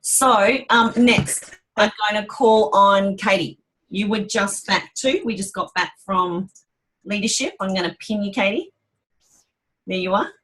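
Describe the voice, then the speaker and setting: A woman hosting a motivational team call, talking in a quick, enthusiastic and animated way. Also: medium pitch, low-quality recording. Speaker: call host.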